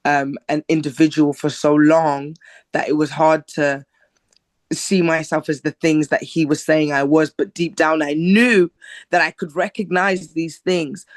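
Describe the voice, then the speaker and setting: Soft-spoken reflective woman, dry sound. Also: deep voice, steady tone, measured pace, dry recording. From Zimbabwe. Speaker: podcast guest, singer. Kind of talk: casual interview chat.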